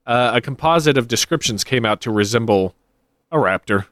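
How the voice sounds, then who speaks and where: A man's voice: medium pitch, lively intonation, brisk, a bit bright, no echo. A man co-hosting a casual podcast, reading sighting reports with dry joking asides. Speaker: podcast co-host.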